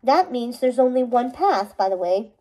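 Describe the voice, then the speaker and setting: A focused, clever young princess, high and soft-toned, read by a woman. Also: expressive, normal speed, close to an everyday voice. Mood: earnest. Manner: focused, explaining.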